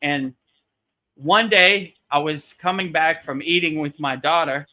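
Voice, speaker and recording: Bright-voiced man telling spiritual stories. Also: fairly high pitch, measured pace. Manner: animated, chatty, acts out quotes, laughs often. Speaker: spiritual teacher hosting a Q&A. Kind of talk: live Q&A chat, storytelling.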